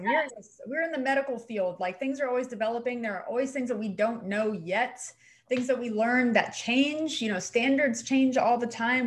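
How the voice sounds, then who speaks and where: A young adult woman, a dental hygienist co-hosting a show, talking in an animated, emphatic way. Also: on the high side. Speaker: podcast co-host, dental hygienist. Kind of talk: casual chat.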